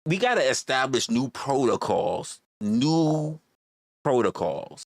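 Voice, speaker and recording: A man's voice: fairly low pitch, expressive, moderate pace, long pauses, a bit bright, no room sound, clean studio sound. A man hosting a livestream, talking casually in a rambling, profane way and repeating his phrases. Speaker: livestream host.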